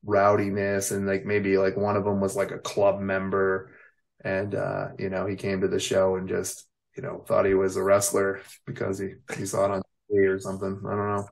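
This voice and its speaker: A low, gravelly-voiced man from the United States, in his forties, spins loose, rambling anecdotes as an interview guest. His speech wanders, stacked with "you know" and "like" as he circles back to his point. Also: completely flat delivery, moderate pace. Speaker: veteran pro wrestler, interview guest. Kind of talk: casual storytelling interview.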